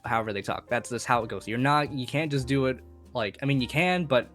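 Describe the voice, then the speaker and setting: A man's voice: medium pitch, a little fast, a bit bright, soft background music. A man, a voice actor, chatting casually and rambling with many fillers. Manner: rambling, lots of fillers, laughs often. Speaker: voice actor, podcast co-host. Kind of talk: casual chat.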